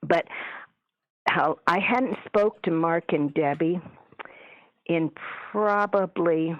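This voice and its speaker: A woman telling stories as a guest in a radio interview, chatty and animated, acting out what people said. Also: fairly low pitch, slow pace, dry recording. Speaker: guest, paranormal author. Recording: dull lo-fi radio audio.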